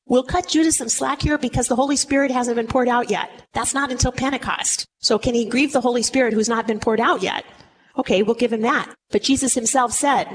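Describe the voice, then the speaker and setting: A woman's voice: fairly high pitch, fairly quick, a little hiss or hum, rough recording. A woman giving a conversational Bible lesson, often putting rhetorical questions to her listeners. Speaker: Bible teacher.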